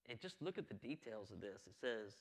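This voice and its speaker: A man's voice: on the low side, sing-song, fairly quick. Earnest preaching pastor, man. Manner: earnest, conversational preaching with repetitions and asides. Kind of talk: sermon.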